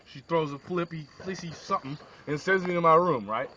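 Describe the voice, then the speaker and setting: A man's voice: a little high, brisk, slight background noise. A young man telling a rambling, crude shaggy-dog story with lots of asides, on a lo-fi phone recording. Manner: animated, crude, digressive.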